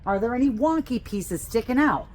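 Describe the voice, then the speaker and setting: A woman's voice: a little high, lively intonation, normal speed, a little mellow, a little hiss or hum, poor audio. A woman gardening instructor giving a chatty, enthusiastic how-to demonstration, gushing over her greens as she works. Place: outdoors on a porch.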